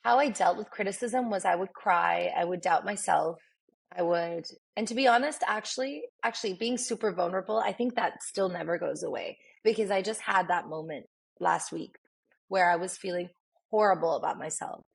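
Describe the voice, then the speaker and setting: A woman, a makeup artist, chatting as an interview guest and telling animated stories, acting out quoted dialogue. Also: lowish voice, moderate pace, creaky, slightly rough. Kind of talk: casual interview storytelling.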